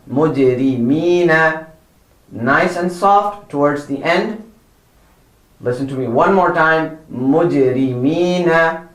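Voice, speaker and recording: A man's voice: fairly high pitch, bright, forceful tone, roomy sound. A man teaching children Quran pronunciation, drawing out each model word, repeating corrections and praising them. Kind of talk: slow, patient pronunciation lesson for children.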